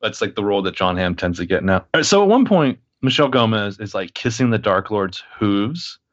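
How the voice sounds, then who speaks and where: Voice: sits low, brisk, no echo, muffled recording. A podcast co-host chatting casually in a wry, jokey way, often acting out little scenes. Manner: wry, jokey, animated storytelling. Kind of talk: casual chat.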